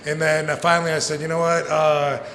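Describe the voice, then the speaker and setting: A fairly high-pitched, flat-sounding man in his forties speaks fairly quickly with a somewhat bright tone. He's a guest on a live podcast, telling rambling, profane stories and laughing a lot, with the venue adding long reverb and faint noise.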